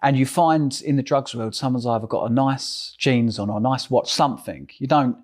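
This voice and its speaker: A middle-aged Englishman with an Essex accent tells his story animatedly as an interview guest, acting out other people's voices. He speaks at medium pitch and normal speed with a darkish tone.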